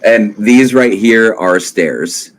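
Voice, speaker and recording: A man runs a tabletop game, calmly setting scenes and calling for rolls. His voice sits fairly low, and he talks in an easygoing, reassuring way. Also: takes it slowly. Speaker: game master.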